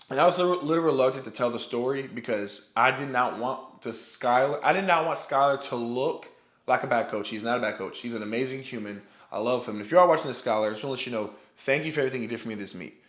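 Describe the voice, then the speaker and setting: A young man telling a personal story to the camera, rambling with many restarts and "like" and swearing now and then. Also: mid-range voice. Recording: roomy echo.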